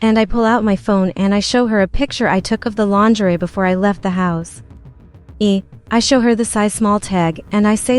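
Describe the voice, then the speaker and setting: A woman's voice: mid-range voice, moderate pace, darkish tone, smooth. Woman narrating a story in the first person. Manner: plain, run-on retelling.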